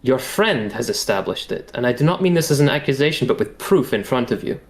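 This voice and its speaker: A man's voice: mid-range voice, expressive, a little fast, gravelly. A man playing a tabletop game, speaking formally and courteously in character. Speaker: player. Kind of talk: in-character tabletop role-play.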